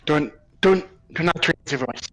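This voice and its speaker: A man voicing a calm, protective male adventurer who speaks in a hushed, steady way. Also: on the high side, moderate pace, soft background music, low-quality recording. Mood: hushed, firm.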